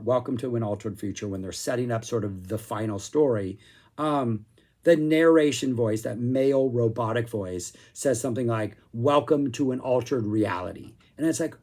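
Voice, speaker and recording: A man talks through an album he loves in a loose, rambling way. His voice sits at an ordinary middle pitch, and he keeps circling back with enthusiasm as he reviews it. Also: expressive, moderate pace, a little mellow. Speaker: music reviewer. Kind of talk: casual spoken album review.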